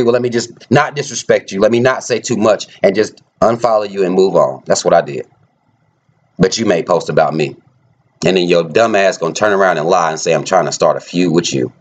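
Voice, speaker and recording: A middle-aged man delivering a heated, profane rant straight to camera. He repeats himself and confronts his target head-on. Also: on the low side. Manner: angry, profane, repetitive, confrontational. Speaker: video blogger.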